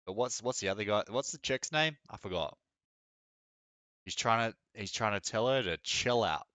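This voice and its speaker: A man's voice: fairly low pitch, moderate pace, fairly bright tone, dry recording. A young man chatting casually on a live gaming stream, blunt, opinionated and mocking. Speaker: game streamer.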